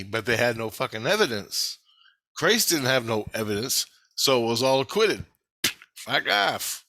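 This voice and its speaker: A man's voice: mid-range voice, pushed and bright, dry recording. A man telling a rambling spiritual story to camera, swearing heavily and agitated. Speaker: vlogger. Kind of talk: rambling monologue.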